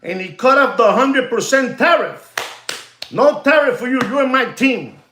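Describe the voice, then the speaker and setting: A man with a high-pitched voice rants in an echoey room. He hosts a watch dealer's livestream, hammering every point with repetition and slipping Spanish phrases in. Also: lively intonation, normal speed, sharp tone, slight background noise. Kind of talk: ranting livestream monologue.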